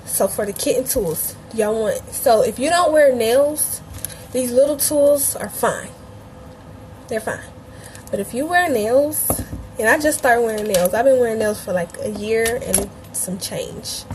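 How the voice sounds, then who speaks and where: A young woman from Cleveland who grew up in Atlanta, a bit hoarse, hosting a casual craft tutorial livestream and chatting loosely with her viewers. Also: on the high side, a little slow, a little mellow, slight background noise, poor audio. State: a bit hoarse, feels she is losing her voice.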